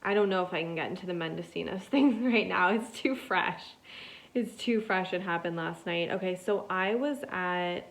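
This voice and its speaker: A woman with a creaky, lowish voice hosts a podcast, telling a story on her own in a casual, rambling, chatty way. She uses "like" constantly.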